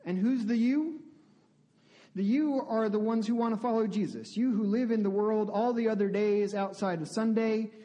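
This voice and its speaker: High-voiced pastor with a mellow tone. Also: male voice, normal speed. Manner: conversational, asks the congregation questions. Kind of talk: interactive sermon.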